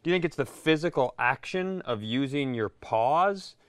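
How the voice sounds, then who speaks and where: A man's voice: mid-range voice, animated, moderate pace, fairly bright tone, no echo. A man co-hosting a podcast in casual comedic chat, asking rambling questions full of restarts. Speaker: podcast co-host.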